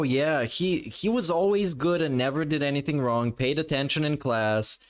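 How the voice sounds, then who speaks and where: A man reacting live to a clip with sarcastic, mocking, profanity-laden commentary. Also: medium pitch. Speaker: reaction streamer.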